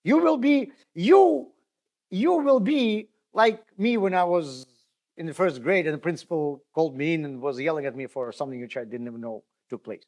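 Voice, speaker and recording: A man's voice: on the high side, normal speed, darkish tone. A man, a rabbi, teaching a class in a conversational, storytelling way, addressing his listeners directly and often restarting his words. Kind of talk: spoken Torah lesson.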